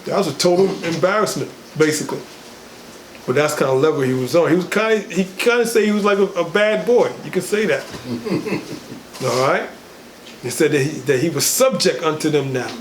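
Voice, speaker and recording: Guy leading bible study, casual, slightly high voice, roomy echo. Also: moderate pace, slight background noise. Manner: casual, explains verses and acts out scenes, laughs often.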